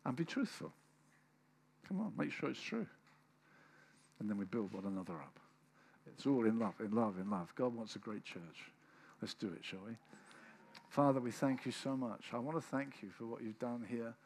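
A man's voice: mid-range voice, normal speed, creaky, long pauses, a little hiss or hum. A man, preaching a sermon, telling stories and acting out the voices of people in them. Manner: animated storytelling, acting out quoted voices.

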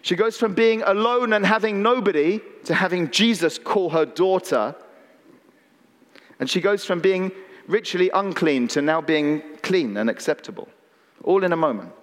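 A man's voice: high voice, moderate pace. A man preaching a sermon in a conversational way, with playful asides and calls to the congregation. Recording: long reverb in a large hall.

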